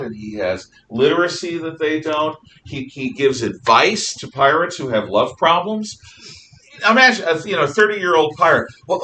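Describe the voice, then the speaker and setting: A male teacher lecturing a class in a lively, swooping voice that sounds bright and forward. He tells the story with jokes, asides and restarts. The mic sits well back from him and a faint noise hums behind. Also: mid-range voice, recorded from a distance. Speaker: history teacher.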